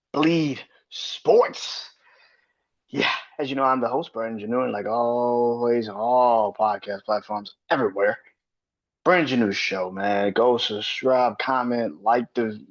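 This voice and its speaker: Profane thirty-something male sports podcaster. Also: lo-fi sound. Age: 30s. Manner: loose and profane, rants with sudden high-pitched outbursts. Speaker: podcast host. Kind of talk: casual solo sports podcast.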